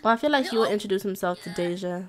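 A young woman giving casual, chatty let's-play commentary, talking straight to her viewers with excited squeals. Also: mid-range voice, very fast. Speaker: gaming YouTuber.

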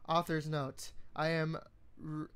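A fan fiction reader narrating in a clear, smooth voice of middling pitch. The reading is steady and plain. The author's notes are read in the same even, unhurried manner. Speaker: fanfiction reader. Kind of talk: audiobook-style fanfic reading.

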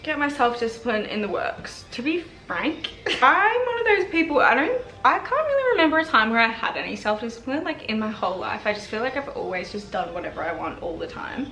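A woman's voice: a little high, sing-song, brisk, few pauses, pushed and bright, echoey room. A young woman vlogging from her bedroom, rambling candidly with lots of "like", recorded on a tripod camera. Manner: rambling and candid, heavy use of "like". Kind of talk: casual chatty vlog. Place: bedroom at home.

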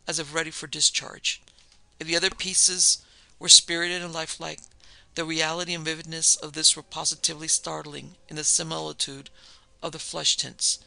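A man narrating a ghost story in a measured, even storytelling delivery. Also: fairly high pitch, creaky, poor audio. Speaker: narrator and producer.

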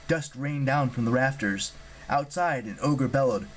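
A man narrating an audiobook in a plain, steady storytelling manner. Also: mid-range voice, a little slow, low-quality recording.

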